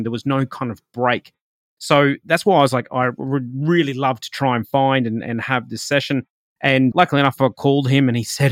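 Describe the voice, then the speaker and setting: A man's voice: mid-range voice, no echo, clean studio sound. A man, hosting a podcast and telling a personal story in a chatty, rambling way full of fillers and restarts. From Australia. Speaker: podcast host and spiritual reader.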